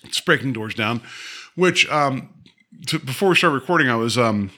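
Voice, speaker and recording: Bright, animated man chatting about movies. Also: medium pitch, moderate pace. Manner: animated, laughing, trails off mid-sentence. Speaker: podcast co-host. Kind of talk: casual movie chat.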